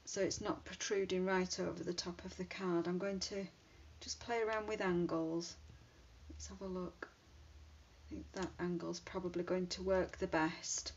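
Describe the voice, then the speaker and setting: A woman's voice: lowish voice, level tone, a little slow. Chatty woman demonstrating crafts. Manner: chatty, thinking aloud while working. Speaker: card-making demonstrator. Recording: dull lo-fi sound with faint hiss.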